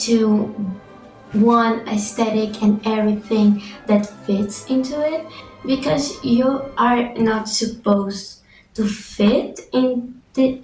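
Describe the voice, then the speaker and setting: A teenage girl chats slowly in a fairly high voice, filling her sentences with "like" and "um" as she answers questions. She sits back from the mic in an echoey room. Soft music plays faintly underneath. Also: recorded from a distance. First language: Portuguese. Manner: chatty, frequent fillers, self-correcting. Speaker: vlogger. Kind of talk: casual Q&A vlog.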